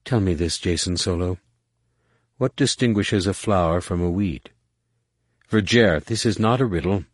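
A man reading a calm, enigmatic female alien mentor in an audiobook, speaking slowly and in measured questions. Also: deep voice, husky, no room sound, studio quality. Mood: calm riddling.

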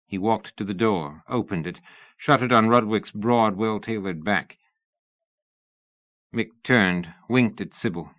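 Low-voiced male audiobook narrator. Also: unhurried, no room sound, muffled recording. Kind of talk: scripted narration.

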